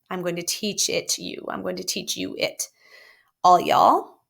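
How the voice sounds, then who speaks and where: A woman teacher explaining grammar in a recorded lesson, playful and jokey, with sudden lively jumps up in pitch. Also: vocal fry. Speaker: Spanish teacher.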